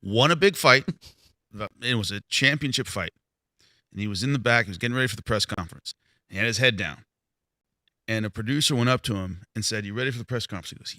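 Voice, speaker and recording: A man's voice: lowish voice, fast, sharp tone, no room sound, studio quality. A man hosting a boxing panel show, telling stories and acting out quoted voices, with some stammered restarts. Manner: storytelling, acts out quoted voices. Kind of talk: animated panel chat.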